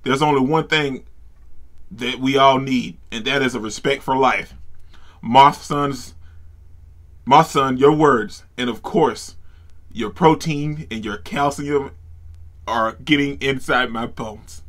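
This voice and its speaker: A man reading subtitles aloud in a flat, slow voice as a calm, menacing male bear fighter. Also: medium pitch. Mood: calm menace.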